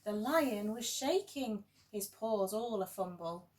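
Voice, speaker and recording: A woman teacher reading a rhyming picture book aloud in a gentle, sing-song storytelling way with playful emphasis. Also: medium pitch, lively intonation, takes it slowly, slight background noise.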